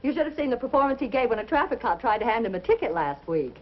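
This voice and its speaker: An actress in a 1950s sitcom playing a brisk, bossy best friend. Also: female voice, fairly high pitch, very animated. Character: pushy helpful best friend, adult woman. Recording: dull old TV soundtrack, audience murmur.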